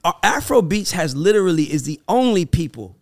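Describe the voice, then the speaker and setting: An American man hosting a podcast, telling stories in a lively, crude, slangy way. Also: high-pitched. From United States. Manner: animated, quick storytelling with crude slang. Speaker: podcast host. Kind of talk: casual chat.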